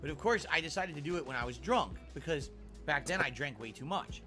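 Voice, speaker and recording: A man's voice: a little high, lively intonation, fairly quick, sharp tone, faint music behind. A man streaming as he reacts to his own old clips, chatty and self-mocking. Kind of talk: casual stream commentary.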